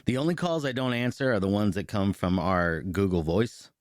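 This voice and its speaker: A man's voice: lowish voice, normal speed, no room sound, clean studio sound. A man co-hosting a podcast, laughing as he retells prank calls and acts out the voices in casual chat. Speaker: podcast co-host.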